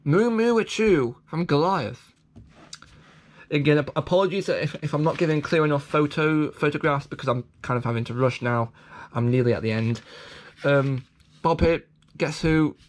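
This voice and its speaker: A man's voice: fairly high pitch, moderate pace. A man rambling through a toy catalogue in casual commentary, stumbling over restarts and throwing in self-deprecating asides. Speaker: vlogger reviewing a toy catalogue.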